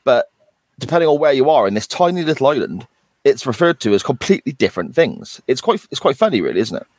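A man's voice: medium pitch, sing-song, quick pace, no room sound. A man, co-hosting a casual podcast chat in a rambling way. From England. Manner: rambling, restarts sentences. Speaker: podcast co-host.

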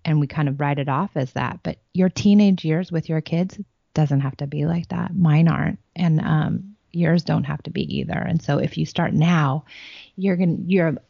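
A woman's voice: low voice, moderate pace, creaky, no echo. A middle-aged woman talking about parenting in a casual podcast chat, earnest and reassuring. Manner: earnest, reassuring, animated when acting out scenes. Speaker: parenting coach. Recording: dull, lo-fi dry sound.

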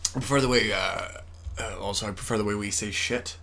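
A man's voice: on the low side, brisk, creaky, pushed and bright. A man with a Scottish accent, a comedian guest chatting casually, swearing freely and joking as he goes. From Scotland. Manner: sweary, jokey, laughs as he talks. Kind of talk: casual chat.

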